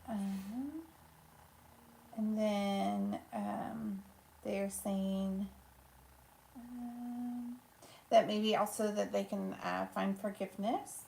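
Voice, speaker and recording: A woman reads viewer comments aloud during a casual live stream, soft-spoken and unhurried. Her voice has a gravelly creak at a middle pitch. The room around her is echoey. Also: level tone, a little hiss or hum. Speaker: live stream co-host reading chat.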